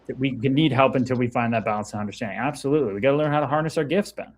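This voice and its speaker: A man's voice: mid-range voice, very fast. A man hosting a casual livestream, talking candidly and reading viewer comments aloud. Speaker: livestream host reading chat.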